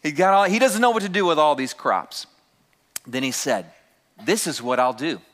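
A man's voice: a little high, expressive, moderate pace, fairly bright tone. A man preaching a sermon to his congregation, calling out key phrases and having the room repeat them. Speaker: pastor.

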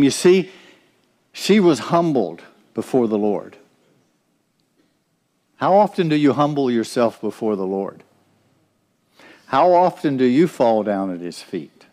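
A man's voice: medium pitch, animated, unhurried, long pauses, dark tone, big-room sound. A man preaching a sermon, earnest and direct, often turning to ask the listeners questions. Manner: earnest, asks the congregation questions.

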